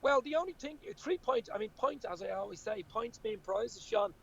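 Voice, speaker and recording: A man's voice: very high-pitched, expressive, brisk, creaky, highs cut off, a little hiss or hum. A man calling in to a stream, enthusiastic and telling a story. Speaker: caller on a stream. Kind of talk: casual chat.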